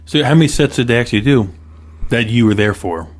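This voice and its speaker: A man's voice: mid-range voice, lively intonation, quick pace. A man co-hosting a casual podcast, friendly and chatty, asking questions and reacting. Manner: friendly, laughs easily, chatty. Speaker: podcast co-host.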